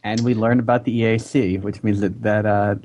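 A man's voice: fairly low pitch, fairly even intonation, brisk, darkish tone, a little hiss or hum. A man co-hosting a casual movie podcast, making wry, amused remarks about the film. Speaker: podcast co-host.

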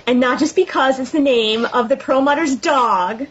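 A woman with a fairly high voice chats eagerly about a movie on a podcast, laughing easily between her points. The sound is dull and lo-fi, with faint hiss in the background. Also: moderate pace. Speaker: podcast co-host. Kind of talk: casual movie discussion. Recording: lo-fi with faint noise.

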